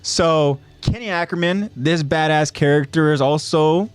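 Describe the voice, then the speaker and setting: A man hosting a podcast who recaps an episode with animated storytelling and chats casually. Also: a little high, measured pace, clear, resonant tone, dry recording. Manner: animated storyteller, doing voices. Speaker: podcast host.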